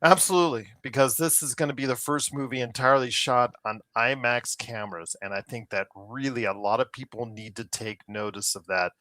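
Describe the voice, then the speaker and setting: A man's voice: medium pitch, brisk, hardly any pauses, bright, forceful tone, dry recording. A man co-hosting a casual podcast over a call, talking in a rambling way with many fillers and restarts, tired of online controversies. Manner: exasperated about controversies. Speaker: podcast co-host. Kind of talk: casual chat. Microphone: remote call mic.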